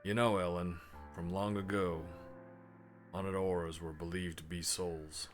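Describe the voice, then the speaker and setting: A thoughtful older gentleman muses in a soft, low voice with a light Southern accent, as a man reads him out. He speaks slowly and quietly, reading game dialogue aloud. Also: flat delivery, faint music behind. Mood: musing.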